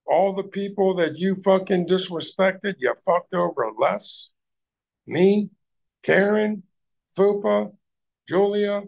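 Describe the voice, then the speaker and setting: A man's voice: high voice, slow pace, gravelly. A man hosting a livestream, ranting heatedly at people in his chat and swearing heavily. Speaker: livestream host.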